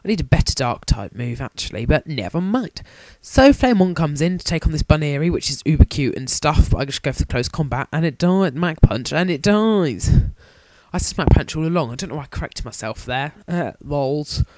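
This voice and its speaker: A man's voice: on the high side, animated, fairly quick, darkish tone, no room sound. A young man giving jokey, rambling, self-mocking commentary on a handheld game he is playing. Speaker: let's play commentator.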